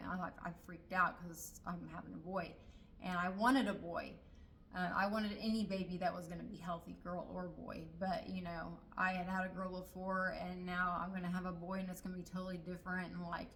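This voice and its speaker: A woman's voice: on the low side, a bit bright, a little hiss or hum, poor audio. A middle-aged woman telling a personal family story in a casual way, hesitating often with fillers and restarts.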